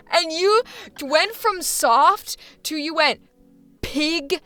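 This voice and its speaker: A woman's voice: very high-pitched, lively intonation, very slow, sharp tone, faint music behind. A woman coaching a voice actor, enthusiastic and encouraging, often laughing as she gives feedback. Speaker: voice acting coach.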